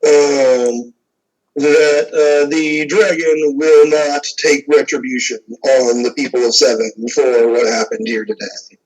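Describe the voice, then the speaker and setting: Guy running a tabletop game, rambly, lots of uhs, middle-pitch voice. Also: fairly even intonation, takes it slowly, darkish tone, poor audio. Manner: rambling, filler-heavy description. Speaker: game master.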